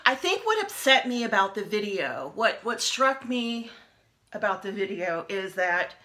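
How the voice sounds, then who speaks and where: A woman's voice: medium pitch, big pitch swings, a little slow, pushed and bright. A woman in her forties chatting and rambling while doing her makeup at home, with many fillers and restarts. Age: 40s. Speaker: beauty vlogger. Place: home, at a lit makeup mirror.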